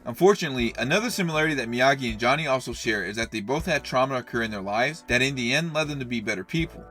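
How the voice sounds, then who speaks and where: Guy doing a video essay, talks fast, earnest and explaining stuff. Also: mid-range voice, expressive, sharp tone, soft background music. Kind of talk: scripted analytical narration.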